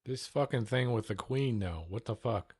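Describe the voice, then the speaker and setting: A man's voice: medium pitch, moderate pace, a little mellow, husky, no room sound, studio quality. A man hosting a livestream, chatting casually and cursing offhandedly while he reacts to videos. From United States. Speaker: streamer host.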